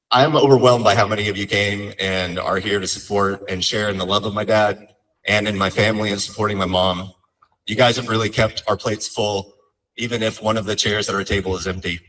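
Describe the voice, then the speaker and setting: A man's voice: lowish voice, bright, forceful tone, distant mic, low-quality recording. A young man speaking as a son at his father's memorial, telling heartfelt stories with light humor. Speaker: son giving a eulogy. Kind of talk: memorial eulogy storytelling.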